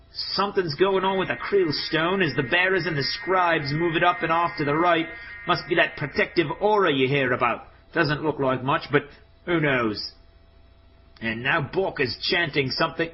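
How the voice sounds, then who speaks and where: A man giving dramatic, excitable play-by-play commentary, swinging between hushed remarks and shouted exclamations. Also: sits high, heavy background noise. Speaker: podcast host. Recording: dull lo-fi audio with loud music.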